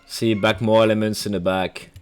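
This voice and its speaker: Low-voiced man with a French accent. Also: flat delivery, normal speed, clean tone, soft background music. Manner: rambling and playful, mixing in French phrases. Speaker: music producer streaming a tutorial. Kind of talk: casual livestream tutorial.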